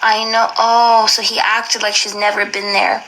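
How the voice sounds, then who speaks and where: A woman's voice: medium pitch, flat delivery, measured pace, bright, forceful tone, slight background noise, rough recording. A young woman reading aloud and reacting emotionally, with many exclamations and slang.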